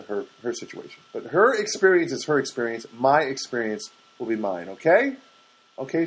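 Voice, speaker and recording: A man's voice: on the low side, husky, low-quality recording. A man from the US East Coast talking casually in a rambling solo monologue, chatty and self-deprecating, often putting on comic voices for other people.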